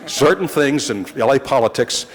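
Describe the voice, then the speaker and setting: A longtime reporter in his sixties tells wry, rambling anecdotes to a city council, often restarting his sentences. His medium-pitched voice has lively intonation and a moderate pace, with the big-room sound of a large chamber.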